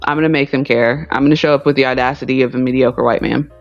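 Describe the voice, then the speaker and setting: A woman's voice: a bass voice, fairly even intonation, fast, lo-fi sound, soft background music. A woman co-hosting a casual livestream from home, chatty and wry, laughing easily. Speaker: livestream co-host. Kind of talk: casual chat.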